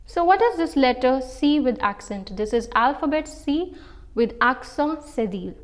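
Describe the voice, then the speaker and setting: A woman, giving an online French lesson and slowly and carefully modelling each pronunciation example. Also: sits high, animated. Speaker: French teacher.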